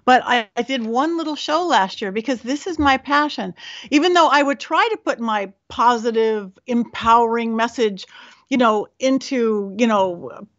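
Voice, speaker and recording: A woman podcast host and psychic medium, telling a story in a chatty, animated, self-mocking way. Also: on the high side, moderate pace, no room sound, lo-fi sound. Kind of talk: casual storytelling monologue.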